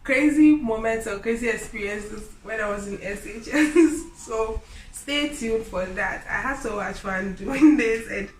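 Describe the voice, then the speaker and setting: A woman's voice: fairly high pitch, a little slow, a little hiss or hum. Chatty woman in an echoey room. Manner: chatty, animated, giggly. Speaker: vlogger. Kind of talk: casual storytelling. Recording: echoey room, mic at a distance.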